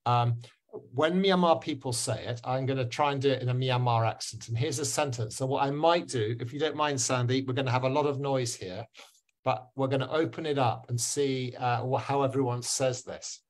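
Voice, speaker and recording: A man teaching pronunciation in an online webinar, encouraging and repeating sounds slowly for learners. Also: medium pitch. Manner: encouraging, drills words slowly and repeats them. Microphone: video call.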